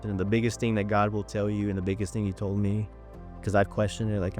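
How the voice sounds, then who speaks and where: A man's voice: on the low side, flat delivery, fast, darkish tone, faint music behind. A man giving a personal faith testimony, earnest and storytelling, acting out the voices of people he quotes. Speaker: testimony speaker.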